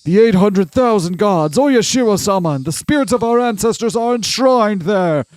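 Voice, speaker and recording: A man's voice: high voice, animated, normal speed, a little mellow, no room sound, pitched above the performer's own voice. A man voicing an intense, furious elderly male congressman who rants pompously and threatens. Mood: ranting. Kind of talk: reading a game aloud with voices.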